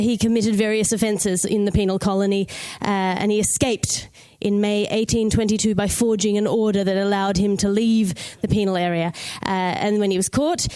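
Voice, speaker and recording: Wry Australian woman with a higher voice. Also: darkish tone. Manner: wry, jokey asides. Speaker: guest comedian. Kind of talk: comic history storytelling.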